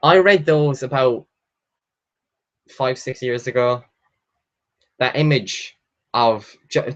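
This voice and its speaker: A young man hosting a casual live book chat from home, chatty and excitable, swearing freely and squealing with delight. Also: medium pitch, slow, pauses often. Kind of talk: casual livestream chat, reading out viewer questions. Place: at home, sitting in a chair.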